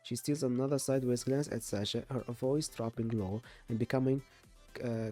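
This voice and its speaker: A man reading a dating game's story aloud as a gaming video host, halting with fillers and restarts. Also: mid-range voice, fairly even intonation, mellow, faint music behind. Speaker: gaming YouTuber.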